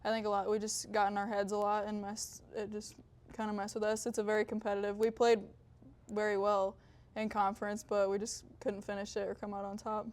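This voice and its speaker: A young woman from Iowa, a college volleyball player, giving brief soft-spoken interview answers with lots of "like". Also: mid-range voice, monotone, a little fast. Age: young adult.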